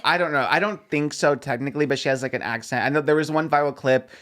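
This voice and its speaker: Very low-voiced, easygoing woman. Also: fast talker. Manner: easygoing, agreeable, laughs softly. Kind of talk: casual chat.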